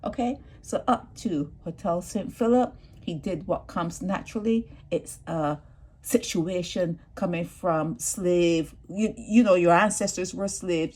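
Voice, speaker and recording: A woman vlogger giving animated, indignant commentary on a court case, talking straight to her viewers. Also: lowish voice, measured pace, slightly rough. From Barbados. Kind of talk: opinionated news commentary.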